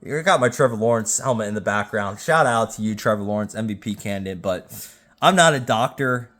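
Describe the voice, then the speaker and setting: A man who has been drinking hosts a casual rating video from home, rambling and stammering with sudden excited bursts. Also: fairly low pitch, brisk. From Jacksonville, Florida. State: tipsy from drinking. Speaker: YouTube host. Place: at home with a phone. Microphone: phone.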